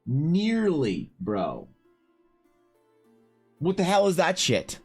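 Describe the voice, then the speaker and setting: A young man chatting casually on a live art stream, animated and swearing as he banters with viewers, his voice slightly rough. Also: a little high, drawn-out words, faint music behind.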